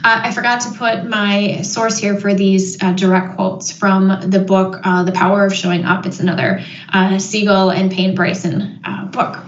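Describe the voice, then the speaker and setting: A woman giving a parenting webinar, thoughtful and reflective, pausing with frequent ums and restarts. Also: mid-range voice, flat delivery. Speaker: parenting educator. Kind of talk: webinar presentation. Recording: roomy, slightly dull audio.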